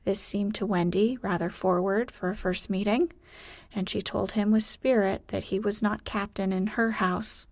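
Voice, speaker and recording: A woman narrating a sleep story in a gentle, hushed, breathy reading. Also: mid-range voice, fairly even intonation, normal speed, dry recording.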